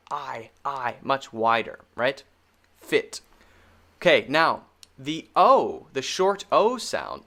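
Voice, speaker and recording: A man teaching pronunciation, slowly repeating each sound in drills. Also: medium pitch, fairly bright tone. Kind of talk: pronunciation lesson.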